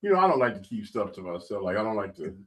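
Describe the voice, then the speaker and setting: A man's voice: fairly low pitch, big pitch swings, racing. A man co-hosting a casual radio talk show, asking questions and telling stories. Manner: storytelling, asks leading questions. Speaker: radio co-host.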